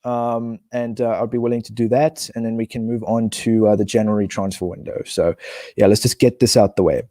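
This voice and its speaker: A man from South Africa chatting casually on a live stream, thinking out loud and reading viewers' comments aloud. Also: fairly low pitch, level tone, a little fast, no room sound, clean studio sound.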